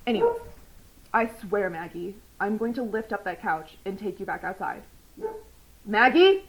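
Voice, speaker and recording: Young woman ranting on her vlog, gets loud and heated, lots of "like"s, swears a bunch. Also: medium pitch, moderate pace, breathy edge, low-quality recording. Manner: animated, heated, swears, many "like" fillers. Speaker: vlogger. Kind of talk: casual storytelling vlog. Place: home, dog barking nearby.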